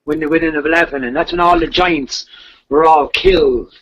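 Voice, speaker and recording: A man's voice: a little high, fairly quick, a bit bright. A man casually retelling an old legend, repeating himself and restarting as he goes. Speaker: storyteller. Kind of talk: casual storytelling. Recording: dull lo-fi recording.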